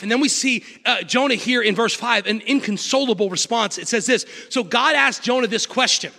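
Pastor guy giving a sermon, bright tense voice, repeats himself, gets loud sometimes. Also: very high voice, brisk, creaky, hardly any pauses, big-room sound. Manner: emphatic, repetitive preaching with sudden loud bursts. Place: church sanctuary.

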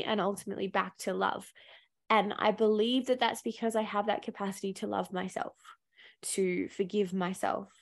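Candid, gravelly-voiced woman podcaster. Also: mid-range voice. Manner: candid and earnest, swears casually, laughs often. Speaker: podcast host. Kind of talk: reflective solo podcast talk.

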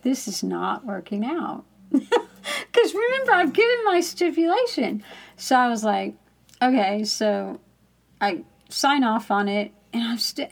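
A woman telling a candid personal story in a chatty manner, laughing often as she talks. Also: on the high side.

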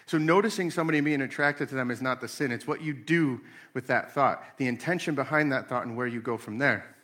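Fast-talking and medium-pitched, this late-thirties man tells casual stories about faith and family with animated energy, performing the different voices.

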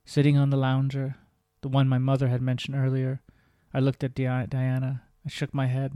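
Earnest male host reading his memoir, even delivery, dry close sound. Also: mid-range voice, normal speed, few pauses, clear, resonant tone, dry recording. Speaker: podcast host.

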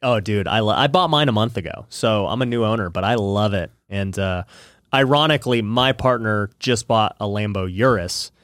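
A man's voice: on the low side, normal speed, a bit bright, no room sound, clean studio sound. A man in his thirties hosting a podcast, laid-back and agreeable, saying "dude" a lot. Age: 30s. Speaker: podcast host. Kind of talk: casual podcast chat.

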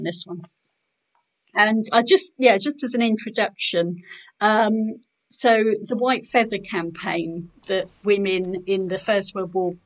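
A woman's voice: mid-range voice, rough recording. A woman poet in a casual chat about her writing, talking hesitantly with many fillers. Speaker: poet and author.

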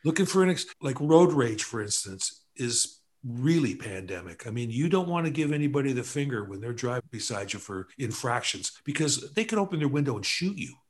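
A husky older man in his seventies tells animated stories in a relaxed conversation. He slips into the voices of the people in his tales as he goes. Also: mid-range voice, brisk, hardly any pauses. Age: 70s. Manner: animated anecdote teller, acts out voices. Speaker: guest artist. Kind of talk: casual storytelling chat.

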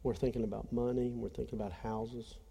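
A male pastor tells a personal story in an earnest, conversational sermon, addressing the congregation directly. His voice is mellow and warm, at a middle pitch. It rings with the long reverb of a large church hall. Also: level tone, a little fast, creaky, breathy edge.

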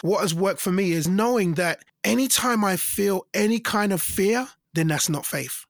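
A middle-aged man telling stories in a casual interview, animated and acting out the voices of people he quotes. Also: moderate pace, creaky, no echo, studio quality. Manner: animated, acts out quoted voices with big pitch jumps. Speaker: singer and interview guest.

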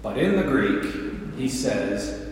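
A man preaching a sermon as pastor, deliberate and full of rhetorical questions and repeated words. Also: mid-range voice, big pitch swings. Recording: echoey hall from a distant mic.

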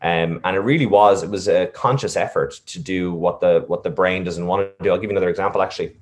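A man's voice: low voice, fast. A man reflectively telling a personal story, with many fillers and restarts. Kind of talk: casual storytelling.

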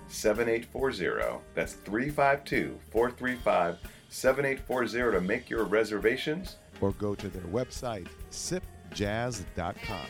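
A man hosting a podcast, upbeat and enthusiastic, closing an interview and reading a sponsor spot. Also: fairly low pitch. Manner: upbeat, laughs easily, enthusiastic. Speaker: podcast host. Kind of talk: casual interview and sponsor read.

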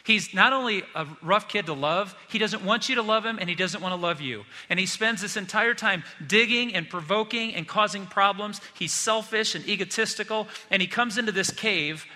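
Man preaching, very bright tense voice, long hall reverb, lively joking storyteller. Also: sits high, normal speed, hardly any pauses. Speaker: pastor. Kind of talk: sermon.

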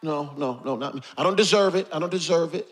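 A man voicing a timid, hunched person who talks softly in an odd put-on accent. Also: on the high side, fast talker, lightly acted. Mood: meek.

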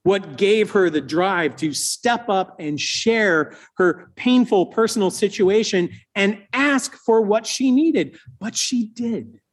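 Guy preaching a sermon story, really slow and dramatic, bit higher voice. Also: expressive, husky. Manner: slow, dramatic, with long pauses.

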